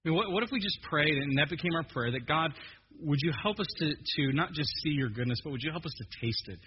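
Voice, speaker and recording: A man's voice: on the high side, quick pace, a little hiss or hum. Man preaching with humor in an echoey hall. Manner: joking, animated preaching with many restarts. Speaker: pastor. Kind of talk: sermon. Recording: dull muffled sermon recording in a long-echo hall.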